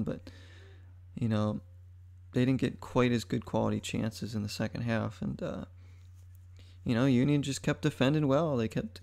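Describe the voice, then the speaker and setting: A young adult man hosting a podcast, giving an excited, rambling match recap full of fillers. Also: medium pitch, creaky. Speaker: podcast host. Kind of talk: casual sports talk monologue.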